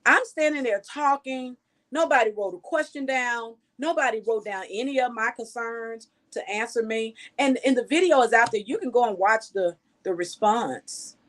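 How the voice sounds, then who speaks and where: A woman's voice: a little high, normal speed. Outspoken woman scolding officials. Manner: outspoken, scolding, with sharp rhetorical questions. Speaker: local journalist and commentator. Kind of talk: opinionated news commentary.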